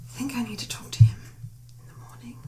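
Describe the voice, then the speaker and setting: A woman player speaking in character in a tabletop game, hesitant and halting. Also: warm tone, in a whisper. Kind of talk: in-character tabletop role-play.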